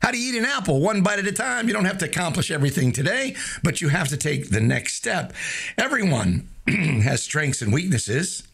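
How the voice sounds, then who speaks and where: A man's voice: high voice, sing-song, a little fast, creaky, a bit bright, husky. A man hosting a casual motivational talk, folksy and joking, with lots of fillers. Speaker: host of a motivational show. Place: streaming live.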